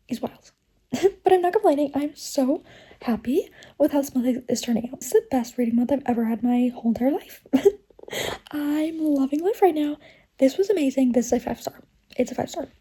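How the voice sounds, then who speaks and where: A woman's voice: sits high, mellow, husky, poor audio. A young woman chatting in a reading vlog, gushing and laughing often, sometimes dropping into whispers. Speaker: book vlogger. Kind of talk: casual reading vlog chat.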